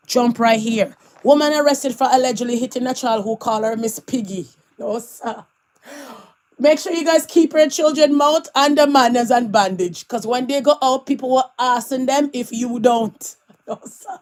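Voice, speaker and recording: A woman's voice: on the high side, normal speed. A woman giving sassy celebrity gossip commentary as a vlogger, laughing often between her remarks.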